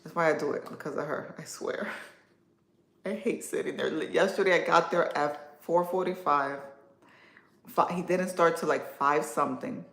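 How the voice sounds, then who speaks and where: A woman in her thirties hosting a casual livestream, chatting warmly and answering viewer comments. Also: sits low, normal speed, creaky. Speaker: livestream host. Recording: echoey room.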